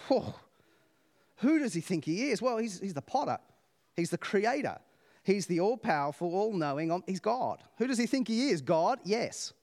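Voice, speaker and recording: A man preaching a sermon, telling a joke with lively rhetorical questions and laughing at his own lines. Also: high voice, moderate pace.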